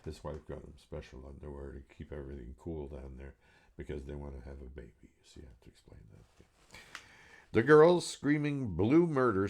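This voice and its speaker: A man reading aloud from his own novel with a dry, wry delivery. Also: deep voice. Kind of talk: serialized book reading.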